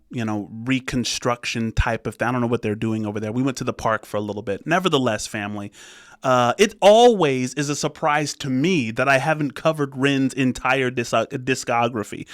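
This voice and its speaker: A man's voice: medium pitch, a bit bright, dry recording, clean studio sound. A man hosting a music reaction channel, chatting casually to his viewers and often checking in with them. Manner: conversational, often checks in with "right?".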